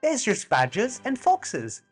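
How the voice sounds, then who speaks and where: French-born guy with a british accent doing a comedy monologue, kinda high voice, jumps around a lot, quiet music behind. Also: slow pace, husky. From France. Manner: animated, jokey, with sudden jumps in pitch. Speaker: comedian host. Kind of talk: comic monologue.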